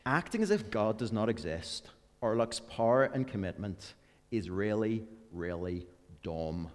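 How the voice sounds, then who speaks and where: A man's voice: fairly low pitch, lively intonation, a little slow, darkish tone, in a large hall. A man doing a put-on Northern Irish accent to quote another man bluntly and emphatically.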